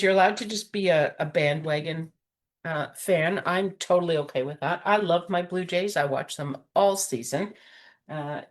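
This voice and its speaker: A woman giving a rambling, friendly card-making tutorial, full of fillers and chuckles. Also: lowish voice. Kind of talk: chatty craft tutorial.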